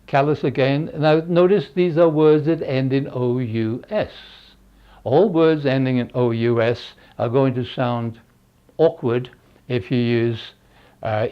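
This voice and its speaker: An older man teaching English spelling, explaining slowly with frequent pauses and fillers. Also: medium pitch. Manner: slow, halting explanation with many fillers. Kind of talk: unscripted lesson. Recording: dull lo-fi recording.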